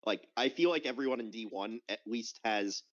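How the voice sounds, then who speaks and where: A man's voice: medium pitch, normal speed. Emphatic man on dull voice chat. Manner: emphatic, hedging with "like". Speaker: voice chat guest. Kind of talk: casual game discussion.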